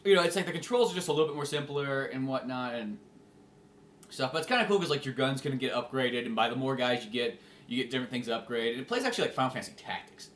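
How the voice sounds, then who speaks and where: A man's voice: medium pitch, fast talker, a bit bright, echoey room, slight background noise. A man co-hosting a podcast in casual chat, rambling and swearing with lots of fillers. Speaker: podcast co-host.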